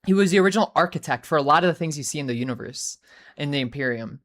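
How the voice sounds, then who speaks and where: A woman chats casually on a live stream, rambling along with plenty of fillers and swearing. Her voice sits on the low side. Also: animated, rapid-fire. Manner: rambling, profane, filler-heavy. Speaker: livestreamer. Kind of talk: casual chat.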